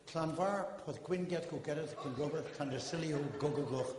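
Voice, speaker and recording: Older man, stand-up comedian, quick joke patter, reverberant theatre, long hall echo. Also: a little high, very noisy. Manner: joke-telling with character quotes, rapid patter. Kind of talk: stand-up routine on stage. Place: live theatre stage with audience. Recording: echoey hall recording, faint ambience.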